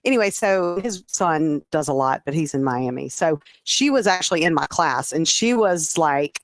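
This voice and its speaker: A woman's voice: low-pitched, moderate pace, dry recording. Chatty Southern woman telling stories. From Mississippi, US. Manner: chatty storyteller with lively asides. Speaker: TV meteorologist guest. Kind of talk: casual interview chat.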